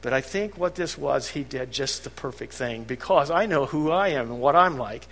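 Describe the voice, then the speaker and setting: Mężczyzna wygłasza kazanie swobodnym, gawędziarskim tonem, wtrącając żartobliwe uwagi. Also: male voice, mid-range voice, lively intonation, moderate pace, a bit bright. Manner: conversational, chuckling asides. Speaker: preacher. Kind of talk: sermon. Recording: long hall reverb.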